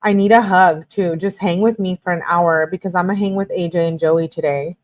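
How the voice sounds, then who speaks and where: Lower-voiced woman reading texts aloud. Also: steady tone, fairly quick. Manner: plain read-aloud delivery broken by exasperated asides. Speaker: true-crime commentary host. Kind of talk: reading text messages aloud with commentary.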